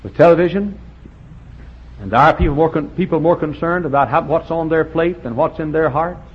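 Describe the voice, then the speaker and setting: A man preaching a fiery revival sermon, swinging from shouts to low quiet lines. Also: moderate pace, slightly rough. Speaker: pastor. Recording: dull lo-fi with faint hiss.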